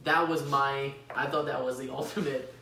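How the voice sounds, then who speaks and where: A man's voice: mid-range voice, fairly even intonation, moderate pace, gravelly, bright, forceful tone, recorded from a distance. A man co-hosting a podcast, chatting casually with wry, sarcastic asides. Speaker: podcast co-host. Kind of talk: casual chat. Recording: echoey room, mic set back, faint hiss.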